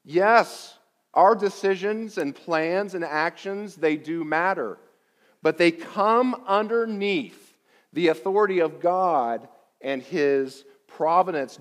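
A man preaching a sermon, emphatic and deliberate, repeating key phrases for weight. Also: high-pitched, big-room sound. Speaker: pastor.

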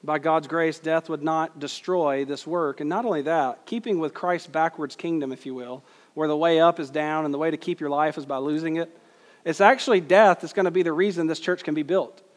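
A man preaching a sermon as pastor, earnest and emphatic, slowing down to stress quoted words. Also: a little high. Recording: long hall reverb.

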